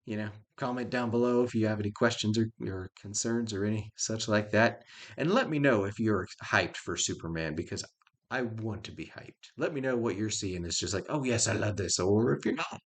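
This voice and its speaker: A man's voice: on the low side, normal speed. Rambling man vlogging casually. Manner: rambling, conversational, with frequent fillers and self-restarts. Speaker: YouTube host.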